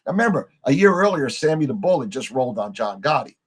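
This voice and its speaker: A middle-aged man, a podcast guest, telling a story in a lively way, acting out the lines of the people in it and swearing casually. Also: mid-range voice, fast talker, slightly rough. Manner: animated storyteller, acts out quoted dialogue, swears casually.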